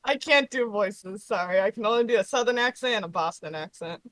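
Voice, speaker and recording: A woman's voice: medium pitch, expressive, brisk, fairly bright tone, dry recording. A woman playing a tabletop game, chatting casually, giggling and swearing. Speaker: player. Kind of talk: casual chat.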